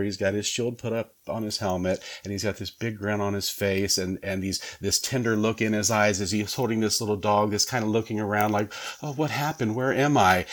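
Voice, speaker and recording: A man co-hosting a talk show, telling a story in an earnest, low-key way and laughing often. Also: fairly bright tone. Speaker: podcast co-host, police chaplain. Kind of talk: storytelling in casual chat.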